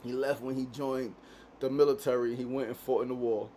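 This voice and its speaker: A man's voice: mid-range voice, steady tone, a little fast, warm tone, slight background noise. A man from Queens, hosting a casual daily show in a studio. He talks in a laid-back way, swears freely and keeps tagging his sentences with "right?". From Queens, New York. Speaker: podcast host.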